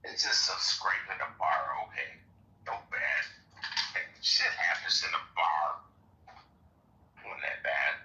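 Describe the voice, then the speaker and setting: A man's voice: extremely low pitch, steady tone, slow pace, pauses often, sharp tone. A middle-aged man calling in to a chat show, loose and streetwise in his talk. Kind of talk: casual chat. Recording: dull, echoey, far from mic.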